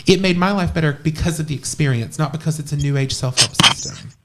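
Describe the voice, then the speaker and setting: A man's voice: a little high, fast, fairly bright tone. A man co-hosting a live podcast chat, talking passionately and emphatically. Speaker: co-host, witchcraft priest.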